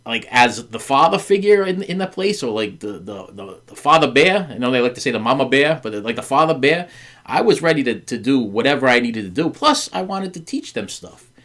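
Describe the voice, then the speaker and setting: A man's voice: medium pitch, very animated, brisk, fairly bright tone. Earnest, rambling middle-aged man. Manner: rambling storyteller, stumbles and repeats words, many fillers; earnest, acts out quoted voices. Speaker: podcast host. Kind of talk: candid conversation with his wife.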